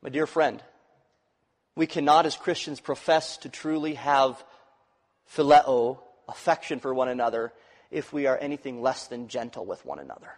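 A male pastor preaching a sermon, swinging from loud, rising emphasis to quiet, dropped phrases. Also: mid-range voice, expressive, moderate pace. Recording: long reverb of a large hall.

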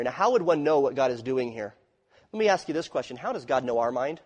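A man preaching a sermon as pastor, dropping to hushed low phrases and then rising to loud, emphatic points. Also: lively intonation, a little fast, long reverb tail.

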